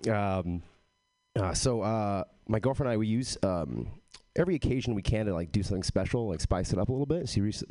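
A young man from Texas doing a halting, deadpan stand-up set full of ums and uhs. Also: low-pitched. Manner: halting, filler-heavy deadpan delivery. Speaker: stand-up comic.

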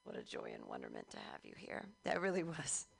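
A woman's voice: a bass voice, huge pitch swings, a little fast, creaky, breathy edge. A woman hosting a comedy show, gushing praise for the previous comic before telling her own story.

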